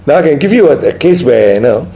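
A Buddhist teacher gives a dharma talk with audience questions, telling stories in an unhurried manner. His voice is on the high side, sing-song and mellow, and he tags almost every point with "right?" to check in with listeners, on a rough recording.

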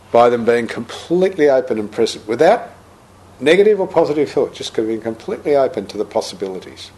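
Man in his sixties, Buddhist teacher, animated anecdotal storytelling. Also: medium pitch. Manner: animated anecdotal storyteller, acts out quotes, laughs. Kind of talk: storytelling talk.

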